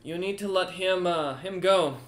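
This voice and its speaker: A weary kobold guard captain, as a man plays him lays down the law in firm, officious tones. He speaks a little higher than a normal man's voice. His words bounce around an echoey room. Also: normal speed, a bit bright. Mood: stern.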